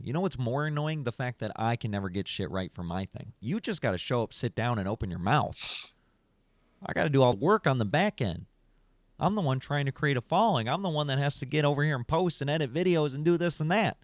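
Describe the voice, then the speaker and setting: A young man hosting a podcast stream, telling stories in a rambling, animated casual chat and calling people "bro". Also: medium pitch, brisk, no echo. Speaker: podcast host.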